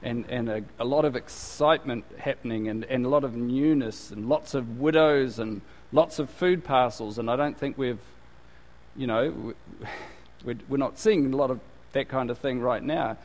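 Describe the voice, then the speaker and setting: A man's voice: mid-range voice, moderate pace, a little mellow. A male pastor giving a conversational sermon, full of fillers and restarts. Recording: long hall reverb.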